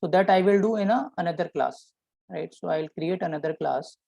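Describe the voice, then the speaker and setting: A man teaching a programming lesson, explaining step by step and often checking in with a quick "right?". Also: fairly high pitch, gravelly, a little mellow, dry recording, muffled recording. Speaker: programming instructor. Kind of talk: live coding lesson.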